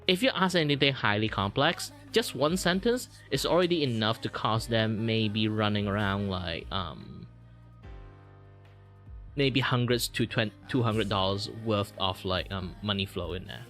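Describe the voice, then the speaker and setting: Lively, bright-voiced man chatting on stream. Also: lowish voice, unhurried. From Malaysia. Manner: rambling, filler-heavy, swears casually. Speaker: streamer host. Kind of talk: casual livestream chat. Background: music he is playing.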